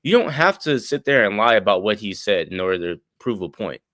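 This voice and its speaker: A man's voice: fairly low pitch, lively intonation, brisk, a bit bright, no echo, clean studio sound. Blunt man lecturing on a stream. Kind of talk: opinionated commentary on a live stream.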